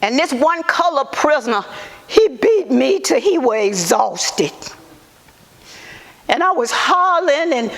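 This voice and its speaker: Actress doing a woman activist, slow high voice, halting earnest testimony in an echoey hall. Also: heavily acted. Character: Southern Black woman civil rights activist testifying. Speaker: actor in museum portrayal. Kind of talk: first-person historical monologue.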